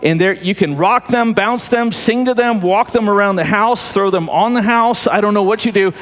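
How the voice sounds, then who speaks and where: A married man preaching a sermon to a church congregation, animated and jokey, often repeating and restarting his phrases. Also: high-pitched, normal speed. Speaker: pastor. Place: church sanctuary. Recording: long hall reverb.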